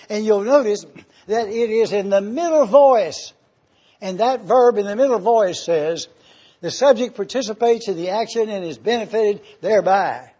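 A man preaching a sermon as pastor, emphatic, swelling loud on key phrases and dropping soft and low. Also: husky, dull audio.

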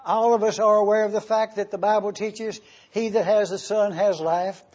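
A man preaching a sermon, teaching and emphatic, bursting into sudden excitement as he explains. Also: sits high, normal speed, muffled recording.

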